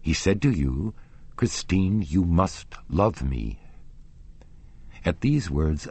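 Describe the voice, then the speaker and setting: A man narrating a classic novel as an audiobook, in a measured, expressive storytelling manner. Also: sits low, slightly rough, dry recording.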